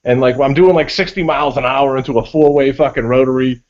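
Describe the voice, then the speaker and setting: A man from Massachusetts telling stories on a group video call, animated and full of swearing. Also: mid-range voice, brisk. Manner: profane, animated storytelling. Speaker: panelist. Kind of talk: casual storytelling on a group call. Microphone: online video call. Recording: dull lo-fi call audio.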